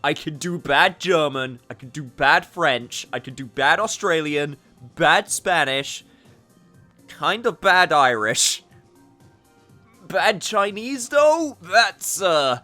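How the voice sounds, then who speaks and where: Let's play host, man, joking and animated, bright voice. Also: fairly high pitch. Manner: animated, joking, self-deprecating. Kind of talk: casual gameplay commentary.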